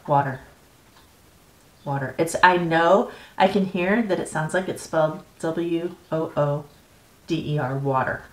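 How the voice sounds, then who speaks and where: A woman's voice: lowish voice, steady tone, unhurried, roomy sound, poor audio. A middle-aged American woman hosting a casual chat, explaining words patiently in an easygoing way. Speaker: host.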